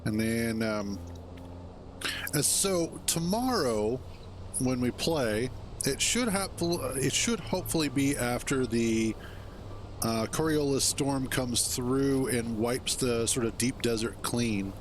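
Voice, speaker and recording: A man streaming a game, chatting in a relaxed, rambling way and chuckling to himself as he plays. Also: medium pitch, slow, slight background noise. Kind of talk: casual gameplay commentary.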